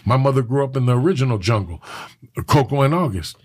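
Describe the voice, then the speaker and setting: A man's voice: medium pitch, lively intonation, fast talker, darkish tone, breathy edge. A middle-aged man from Southern California, a podcast guest, talking candidly in emphatic, profane, rambling street talk. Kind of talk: candid personal conversation.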